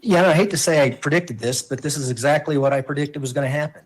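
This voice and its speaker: A man's voice: fairly high pitch, fast, a little hiss or hum. A man cross-examining a witness in court as prosecutor, asking pointed, pressing questions.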